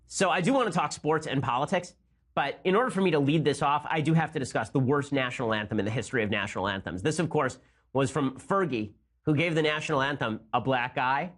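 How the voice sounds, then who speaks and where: A man hosting a political talk podcast, speaking in a rapid-fire, sarcastic, mocking way. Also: mid-range voice, fairly bright tone. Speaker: podcast host.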